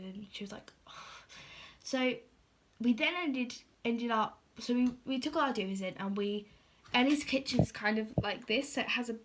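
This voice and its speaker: A teenage girl, telling a storytime vlog in a chatty, filler-heavy way and acting out what people said. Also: medium pitch.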